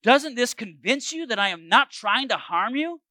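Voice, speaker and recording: A man reading as a young male warrior on the run, earnest, pleading, high and lively voice, bright, dry close sound. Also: normal speed, dry recording, exaggerated voice.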